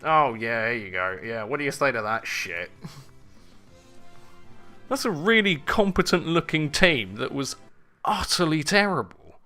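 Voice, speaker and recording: An Englishman talks at home into a handheld mic, rambling and sardonic with plenty of swearing. His pitch jumps about animatedly and his tone is bright and tense. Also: expressive, unhurried, long pauses, faint music behind. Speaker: gaming channel host. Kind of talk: casual battle commentary and rant. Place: home living room. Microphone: handheld desk mic.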